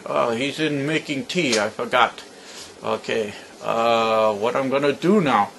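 A man's voice: mid-range voice, a little slow, vocal fry, background noise. An old man telling a joke to the camera at home, grumbling and swearing as he rambles. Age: older. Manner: grumpy, profane, rambling. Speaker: joke teller.

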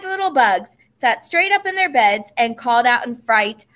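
A woman reading a picture book aloud to children in a lively, expressive way, inviting them to repeat the words. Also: on the high side, normal speed, few pauses. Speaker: storyteller.

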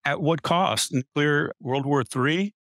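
A man's voice: a little high, takes it slowly, fairly bright tone, no echo, studio quality. Argumentative man debating with statistics. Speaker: panel guest. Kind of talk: casual debate.

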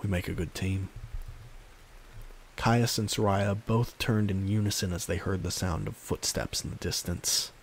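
A man narrating a fan story in a calm, steady storytelling manner. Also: lowish voice, slightly rough. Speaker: audiobook narrator.

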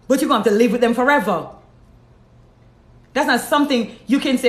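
A woman with a Jamaican accent talks bluntly into her live stream, lecturing her viewers and answering their comments. Her voice sits a little high and rings in a roomy, echoey space. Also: fast. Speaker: host. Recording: roomy echo.

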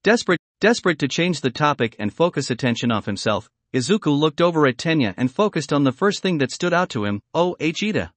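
A man reading fan fiction aloud as narrator in a steady storytelling read. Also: on the high side, fast talker, hardly any pauses, no room sound.

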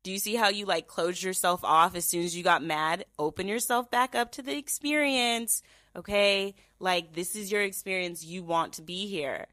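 A young woman hosting a podcast, telling a story in casual chat with lots of fillers and animated replays of her own thoughts. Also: medium pitch, moderate pace, no room sound. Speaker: podcast host.

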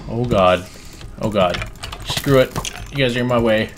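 A man with a scratchy voice giving excitable let's play commentary, swearing often and bursting into exclamations. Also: medium pitch, measured pace. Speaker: gamer commentator.

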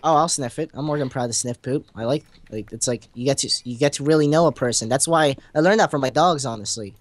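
A man's voice: mid-range voice, fast talker, dry recording. Goofy young man, dry close mic. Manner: goofy, rambling, melodramatic outbursts. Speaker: gaming channel co-host. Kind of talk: casual let's-play banter.

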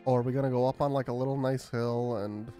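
Male streamer, crude joking commentary, mid-pitched voice, faint music behind. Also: steady tone, quick pace, warm tone.

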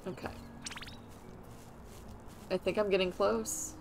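A woman's voice: mid-range voice, level tone, takes it slowly, noisy background. A young woman streaming a game, giggly, flustered and playful as she comments on her play. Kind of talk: casual gameplay commentary.

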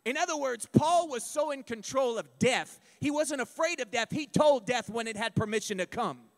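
High-voiced preacher in an echoing hall. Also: male voice, normal speed. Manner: emphatic, rising to shouts. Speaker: pastor. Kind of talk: sermon. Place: church sanctuary. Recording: long reverb of a church hall.

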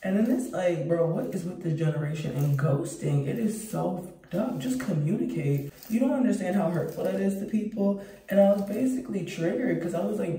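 A woman vlogger chatting casually to camera in an animated, profane way. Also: fairly low pitch, a little fast, few pauses. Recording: roomy, distant mic.

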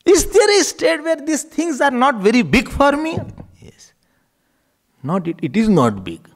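A man delivers a spiritual discourse, his voice pitched high and swinging widely up and down. There is a gravelly edge to his tone, and he keeps posing rhetorical questions and chuckling. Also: big pitch swings, a little slow. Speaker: spiritual teacher.

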